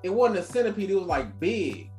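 A man on a podcast telling wild, profane stories about a friend's messy house in a loose, animated way. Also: high voice, brisk, reverberant, faint music behind. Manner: animated, slangy, profane storyteller. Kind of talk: casual storytelling chat.

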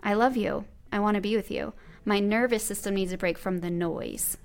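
A woman's voice: medium pitch, moderate pace, gravelly. A woman in her thirties hosting a podcast, chatting in an enthusiastic, affirming way. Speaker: podcast host. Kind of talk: casual interview chat.

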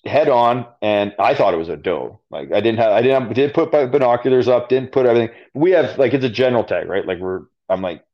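A man's voice: medium pitch, expressive, a little fast, few pauses. A man with a Canadian accent, a podcast guest telling a story casually, full of fillers. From Alberta, Canada. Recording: dull lo-fi audio.

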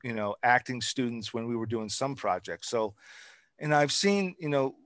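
Recorded dry with clean studio sound, a man speaks at medium pitch in an animated, fairly bright tone at a moderate pace. As host of a casual interview, he repeats himself and stacks up examples in long runs to make his points.

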